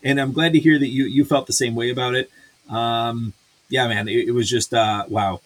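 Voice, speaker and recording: Male podcast host, husky voice, profane and ranting, loose filler-heavy delivery. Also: medium pitch, steady tone, normal speed, no room sound. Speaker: podcast host reviewing a series. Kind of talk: casual review chat.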